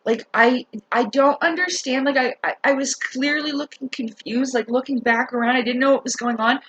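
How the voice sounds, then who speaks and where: A woman with a somewhat high, husky voice tells a frustrated story straight to camera. She talks in a loose, animated way, swears freely and laughs between lines. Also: moderate pace, poor audio. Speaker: vlogger. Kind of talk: casual storytelling rant.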